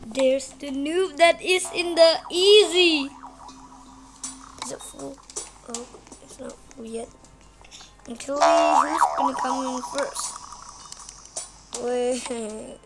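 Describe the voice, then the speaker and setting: A woman giving rambling, excitable let's play commentary, shrieking when startled. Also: high-pitched, slow pace, pauses often. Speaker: gamer. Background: game music.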